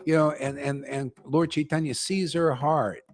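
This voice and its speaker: A man's voice: fairly high pitch, steady tone, unhurried. An older man giving a blunt, slangy devotional talk as a spiritual teacher, ranting and calling his listeners "man.". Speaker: spiritual teacher leading a chanting gathering.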